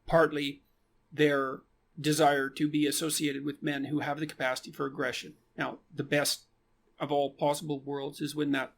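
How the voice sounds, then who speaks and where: A man arguing an idea out loud, measured and thinking as he goes. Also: fairly high pitch, creaky, slight background noise. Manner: measured, thinks aloud with hesitations. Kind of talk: reflective spoken argument.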